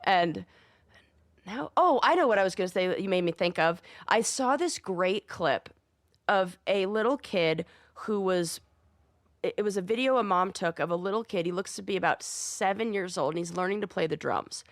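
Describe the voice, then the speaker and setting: A woman co-hosting a podcast in casual chat, telling stories quickly and with animation. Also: mid-range voice, no room sound, clean studio sound. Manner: fast-talking, animated storytelling. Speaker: podcast co-host.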